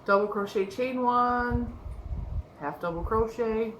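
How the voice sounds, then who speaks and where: A woman's voice: fairly high pitch, slow pace, a bit bright. A woman vlogger in a casual show-and-tell chat about her crochet projects, rambling and laughing often. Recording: echoey room with faint background noise.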